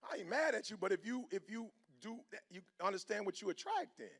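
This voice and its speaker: Middle-aged male motivational speaker; high, gravelly voice; animated preaching, slang-heavy, drops to a hush and rises loud. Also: fast. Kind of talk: motivational speech.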